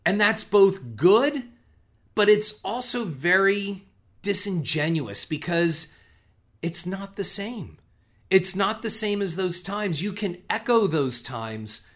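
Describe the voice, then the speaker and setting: A middle-aged man with a high-pitched, fairly bright voice offers reflective, conversational film commentary in an earnest tone. He often restarts on repeated words and swears casually.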